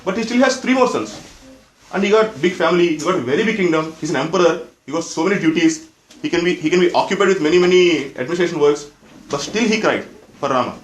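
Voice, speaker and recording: Male scripture teacher, slightly high voice, repeats himself for emphasis, echoey hall. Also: fast, a little hiss or hum. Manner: explanatory, repeats points for emphasis, asks the audience questions. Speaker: religious teacher. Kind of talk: scripture class lecture. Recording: echoey room.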